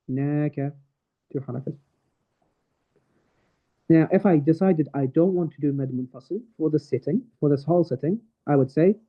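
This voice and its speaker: A man teaching a Quran recitation class online, explaining patiently step by step and reciting verses as examples. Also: fairly high pitch. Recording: tinny phone-like call audio.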